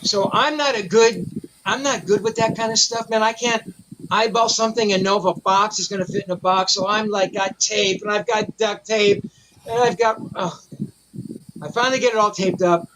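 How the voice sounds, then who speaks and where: A man telling a long, profane, animated story in a casual chat. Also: sits high, moderate pace, background noise. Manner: profane, animated anecdote teller. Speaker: memorabilia collector guest.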